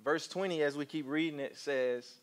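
A man preaching a sermon. He tells stories in an animated way and coaxes the congregation to respond. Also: a little high, normal speed.

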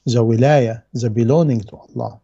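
A man's voice: mid-range voice, normal speed, vocal fry, dark tone, husky, muffled recording. A man giving a religious lecture in non-native English, earnest and emphatic, repeating his key phrases. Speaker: Islamic lecturer.

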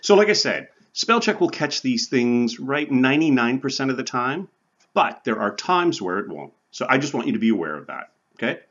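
A man's voice: medium pitch, sing-song, moderate pace, a bit bright, dull audio. A man teaching a recorded college English lecture in a conversational way, often checking in with "right?" and "okay?" and chuckling now and then. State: sweating from the heat. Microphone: recording for online viewers.

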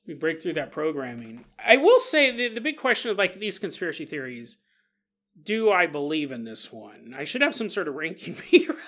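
A man's voice: fairly high pitch, very animated, moderate pace, a bit bright. A man hosting a podcast on his own, talking casually, joking and laughing often, and acting out quoted voices. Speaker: podcast host. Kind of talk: casual solo podcast monologue.

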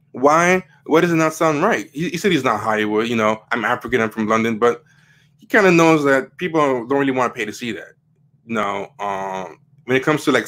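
A man's voice: mid-range voice, a bit bright. A man hosting a livestream, giving casual opinion commentary in a rambling way, with frequent fillers and emphatic rising questions. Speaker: livestream host.

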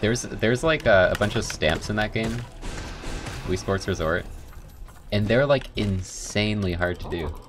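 A man commenting casually on his own speedrun as he plays, chatty and full of "like" fillers, with loud bursts of excitement. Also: fairly low pitch, measured pace, music in the background. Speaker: speedrunner streaming a game run. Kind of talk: casual live gameplay commentary.

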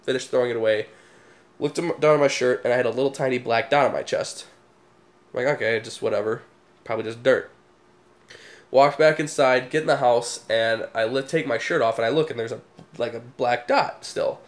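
A man's voice: medium pitch, a little fast. Chill young guy telling stories to camera, laughs at his own jokes. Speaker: vlogger. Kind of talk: casual storytelling to camera.

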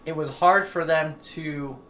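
A man's voice: fairly high pitch, a little slow, a bit bright, a little hiss or hum. A man hosting a casual outdoor vlog, talking in a friendly, teasing way. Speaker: channel host.

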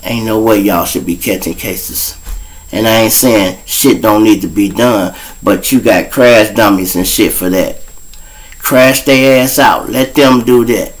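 A man around fifty with a Chicago accent, hosting his own show and telling a raw street story to his listeners, profane and blunt, breaking into loud acted-out voices. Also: lowish voice, measured pace, low-quality recording. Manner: profane, blunt, addresses listeners directly, acts out voices loudly. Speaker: show host.

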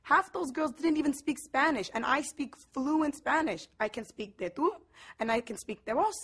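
A young woman from Brooklyn telling a personal story to the camera, lively and mixing in Spanish. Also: sits high, normal speed. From Brooklyn, New York. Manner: lively, switches between English and Spanish.

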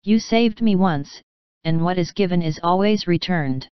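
Gentle thankful dog a woman doing it, slow n calm, clear voice, dull dry sound. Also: fairly low pitch, dry recording, natural voice. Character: grateful, kindly male dog.

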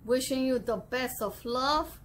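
A woman coworker speaking slowly and sincerely. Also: high-pitched, fairly bright tone, slight background noise.

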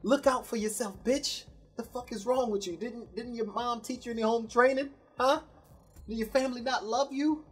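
A man's voice: extremely high pitch, moderate pace, slightly rough, faint music behind. A young man ranting bluntly and profanely while commenting on his own gameplay. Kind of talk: live gameplay commentary rant.

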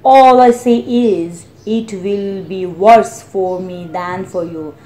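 A woman voicing the north wind as a gentle but scolding spirit, in a roomy-sounding recording. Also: medium pitch, slow, lightly acted. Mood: firm. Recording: roomy echo.

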